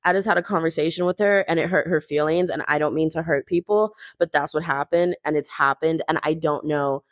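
A woman acts out a young reality contestant who is hurt but stands her ground. She speaks low, measured and earnest, close and dry. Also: steady tone, no room sound. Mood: hurt firm.

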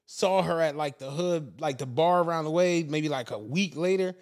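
A man's voice: fairly high pitch, normal speed. A man co-hosting a podcast, telling a long story in casual chat, laughing often and acting out the voices of people he quotes. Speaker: podcast co-host.

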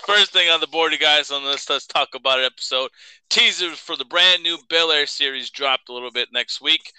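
Man, podcast host, casual chat, very bright tone, smooth crisp voice. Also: fairly high pitch, dry recording, rough recording. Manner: upbeat, reads intro lines with a laugh.

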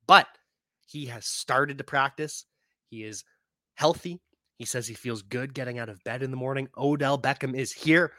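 A man's voice: mid-range voice, bright, forceful tone, no echo, studio quality. A man hosting a fantasy football podcast, talking casually and animatedly about player injuries, sometimes laughing at his own points. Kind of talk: casual sports talk.

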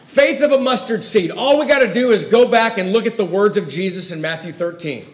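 A man preaching a sermon in a folksy way, swinging between loud emphasis and hushed asides. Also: sits high, expressive, a little fast, reverberant.

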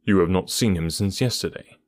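A man voicing a brisk, sharp-witted male detective with a measured, probing, dryly ironic delivery. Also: sits low, dry recording, clean studio sound, natural voice.

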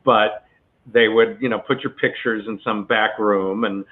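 A male actor being interviewed, telling a long story in a relaxed, chatty way with many asides. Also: on the low side, a little slow. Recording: tinny phone-like line.

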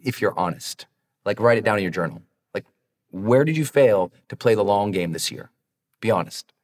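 A man talking as a high performance coach in a motivational podcast, earnest and direct, challenging listeners with warm asides. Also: big-room sound.

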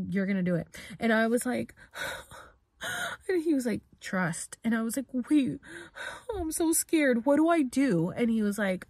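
A young woman casually telling a personal story on her podcast, full of "like" and animated bits where she acts out her own panicked reactions. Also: mid-range voice, dry recording, clean studio sound. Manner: heavy use of "like", informal swearing. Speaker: podcast host.

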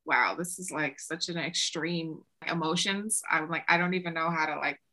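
With a low-pitched voice at normal speed, this woman, a songwriter and producer, talks casually as an interview guest. She animatedly reenacts past exchanges, peppering them with plenty of "like"s.

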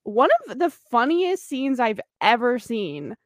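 A woman's voice: a little high, sing-song, slow, no room sound, clean studio sound. A woman co-hosting a podcast, chatting casually with a giggly manner and lots of fillers. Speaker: podcast co-host. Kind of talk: casual chat.

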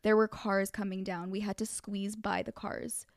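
A young woman co-hosting a podcast, telling a story in a lively, animated way with lots of "like.". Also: mid-range voice, moderate pace, no echo, clean studio sound. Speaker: podcast co-host. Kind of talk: casual chat.

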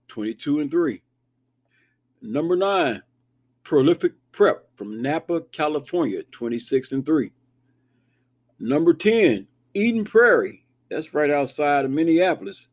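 A man's voice: a little high, darkish tone. A man hosting a casual sports talk show, reading down a rankings list with chatty asides. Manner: conversational, reads list with asides. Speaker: show host. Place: Kansas, near Wichita.

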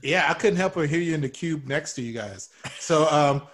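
Eager gushing man, comedy sketch, slightly high voice. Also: lively intonation, moderate pace, fairly bright tone.

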